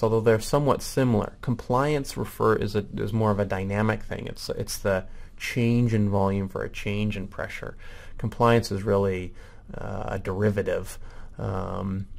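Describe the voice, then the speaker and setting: Gravelly low-voiced man lecturing. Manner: explanatory, with frequent ums and self-corrections. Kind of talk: recorded medical lecture.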